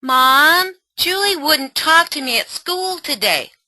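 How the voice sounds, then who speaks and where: A woman acting out a teenage daughter, upset and defensive, her voice pushed high and whiny. The delivery is bright, with lively swings in pitch. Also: slow pace, no room sound, heavily acted. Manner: whiny, pleading.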